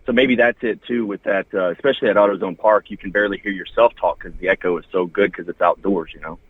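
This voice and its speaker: A man's voice: deep voice, fairly even intonation, fast talker, no echo. A man with a Southern US accent, a wrestling TV host, chatting casually and plugging his show with lots of names and details. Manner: promotional, rattles off names and details. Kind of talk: casual podcast chat. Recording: dry, husky, phone-like line.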